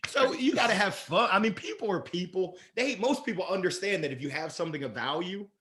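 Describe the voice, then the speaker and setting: A man talking as a guest in a casual interview, lively and playful, laughing often. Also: high-pitched, brisk, slight background noise. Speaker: sales leader guest.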